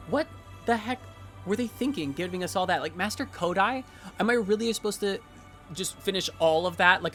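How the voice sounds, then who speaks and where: A man's voice: on the high side, a bit bright, natural voice. A man voicing a chatty, teasing teenage schoolgirl who rambles and gossips, full of "like".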